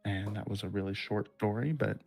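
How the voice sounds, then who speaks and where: A male host reads a listener's spooky tale in a measured, deliberate way. His voice sits fairly low, and soft music plays in the background. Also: gravelly. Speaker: podcast host. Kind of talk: reading a listener's horror story aloud, then casual chat.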